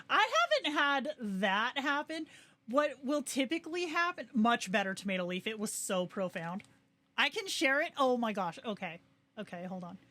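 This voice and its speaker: A young adult woman with a medium-pitched voice hosts a casual livestream, chatting excitedly and reacting to viewers with quick asides.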